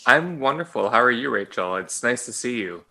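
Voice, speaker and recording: A woman's voice: very deep voice, expressive, moderate pace, bright, forceful tone. A woman co-hosting a podcast, chatting casually with a wry, teasing manner. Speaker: podcast co-host. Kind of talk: casual chat.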